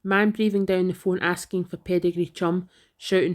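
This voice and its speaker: A woman reading out online comments in a flat, even delivery. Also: lowish voice, normal speed.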